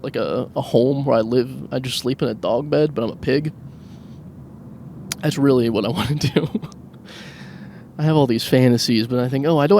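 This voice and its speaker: A man talks to himself while he drives, hosting a loose solo podcast. He wanders from one odd thought to the next and makes fun of himself as he goes. His voice sits at an ordinary middle pitch, with a faint hum from the car behind it. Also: darkish tone. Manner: rambling, self-mocking, laughs at his own jokes. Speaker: podcast host. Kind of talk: solo rambling comedic monologue. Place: inside a car, driving.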